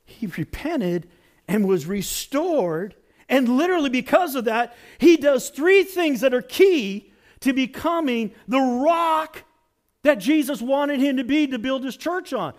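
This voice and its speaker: A man pastor preaching a sermon in an animated, conversational storytelling way. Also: extremely high pitch, a little slow.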